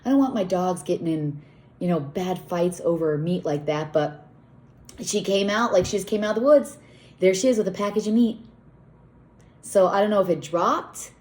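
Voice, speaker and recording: This farm owner and vlogger, a middle-aged woman, speaks at normal speed in a lowish, slightly mellow voice. Out in the cold, she gives a casual, rambling tour and keeps talking to her animals.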